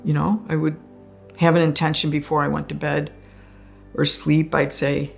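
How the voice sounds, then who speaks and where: A woman's voice: low-pitched, flat delivery, moderate pace, vocal fry, faint music behind. A woman telling her own story in a conversational way, often laughing as she speaks. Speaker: guest sharing a near-death experience. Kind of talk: personal storytelling.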